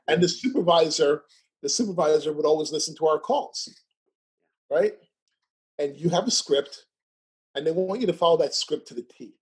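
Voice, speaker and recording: A man's voice: a little high, expressive, normal speed, slightly rough. A man telling stories as a guest in a casual chat, who laughs often, keeps asking "right?" and stutters at times. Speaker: podcast guest.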